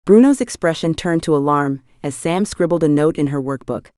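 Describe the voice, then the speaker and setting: A woman narrating an audiobook in a measured, even storytelling manner. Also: low voice, clear, resonant tone, dry recording, clean studio sound. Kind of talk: scripted narration.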